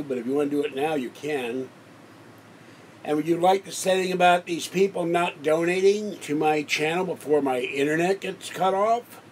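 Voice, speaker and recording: A man's voice: a little high, a little mellow, a little hiss or hum, low-quality recording. Rambling, complaining man hosting a livestream. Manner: rambling, complaining, talks over his guest. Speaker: livestream host. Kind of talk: casual live-stream chat.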